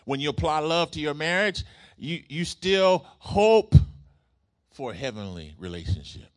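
A man's voice: a little high, big pitch swings, unhurried. A man preaching a sermon, using rhythmic repetition and call-and-response with the congregation. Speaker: pastor.

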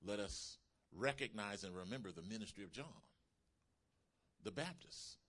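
A man preaching a sermon as pastor, emphatic and calling out to his congregation, building to shouts. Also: fairly low pitch, lively intonation, normal speed. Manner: calls to the congregation.

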